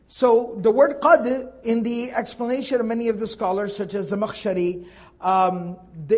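High-voiced man teaching Quran tafsir. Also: a little mellow. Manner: explanatory, stresses key words, frequent restarts. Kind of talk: classroom tafsir lecture.

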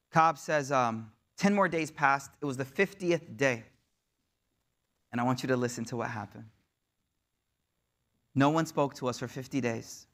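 A preacher with a slightly bright, higher-pitched voice gives a storytelling sermon, retelling an old account in the first person. He mixes in Arabic quotes and uses casual, conversational phrasing.

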